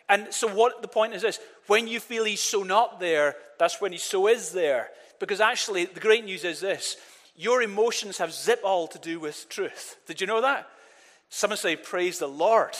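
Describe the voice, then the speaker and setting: A man with a fairly high voice preaches a sermon in an earnest tone, doubling back on his words and asking the congregation to speak with him. His voice rings with a long reverb from a church hall. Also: moderate pace, a bit bright. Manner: earnest, repeats words, leads the congregation in call-and-response.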